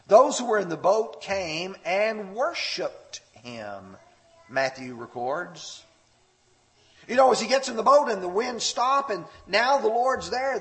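Animated preacher man, lively pitch. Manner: expressive, swings pitch high when quoting scripture; storytelling with a personal anecdote. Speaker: pastor. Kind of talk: sermon.

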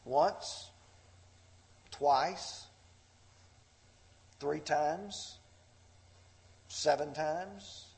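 A male pastor preaching a sermon, swelling loud and impassioned as he reads scripture aloud. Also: a little high, drawn-out words, creaky, long pauses. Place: church sanctuary. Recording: long reverb of a large hall.

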